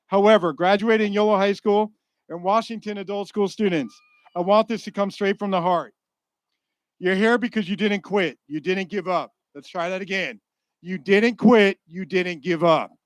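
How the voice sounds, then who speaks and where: A man giving an energetic graduation speech at a school ceremony, rallying and joking with the graduates. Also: sits high, no echo.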